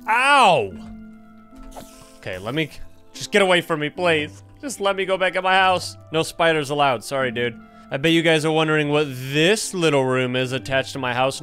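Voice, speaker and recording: A young man casually commenting on his own gameplay, excitable and jumpy, chatting to the animals on screen. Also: medium pitch. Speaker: gaming YouTuber. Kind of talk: casual let's-play commentary.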